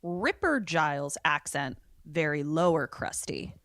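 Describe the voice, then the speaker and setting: A woman's voice: low-pitched, sing-song, a little slow, fairly bright tone, no echo, studio quality. A woman co-hosting a podcast, chatty and jokey, often trailing off and restarting as she talks. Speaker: podcast co-host. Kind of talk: casual chat.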